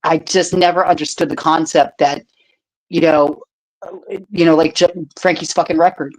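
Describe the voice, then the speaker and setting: A woman's voice: sits low, steady tone, moderate pace, darkish tone, poor audio. A woman co-hosting a casual podcast chat, blunt and profane, laughing often. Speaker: podcast co-host.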